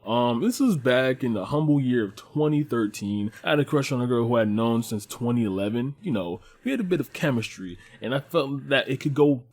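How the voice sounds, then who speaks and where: A young man runs through an anime review and a personal story in a loose, chatty way. He swears often, trails off and restarts, and breaks into laughter. His voice sits at an ordinary mid-range pitch. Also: a little fast, hardly any pauses. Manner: profane, animated and rambling with frequent laughs. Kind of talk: casual commentary and personal storytelling.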